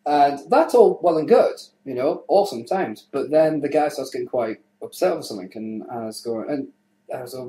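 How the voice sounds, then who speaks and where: A young man co-hosting a podcast, telling crude jokes in a casual, animated way. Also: medium pitch, normal speed. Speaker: podcast co-host. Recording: roomy echo.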